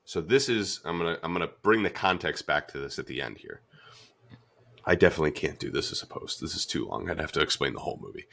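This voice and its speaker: A man hosting a podcast, retelling a story in a casual, animated way with lots of "like" fillers. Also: a bass voice, quick pace, creaky. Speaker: podcast host.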